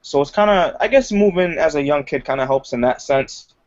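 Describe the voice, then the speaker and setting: A man's voice: fairly high pitch, lively intonation, brisk. A young man chatting as an interview guest, talking loosely with lots of "like" and "you know" and laughing often. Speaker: guest, aspiring comedian. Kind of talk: casual interview chat. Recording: dull lo-fi audio.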